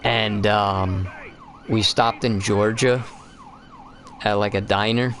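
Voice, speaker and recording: A man's voice: on the low side, steady tone, takes it slowly, a bit bright, slight background noise. A young man co-hosting a live stream, telling rambling stories in a casual, profane chat while he plays a game. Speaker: streamer co-host.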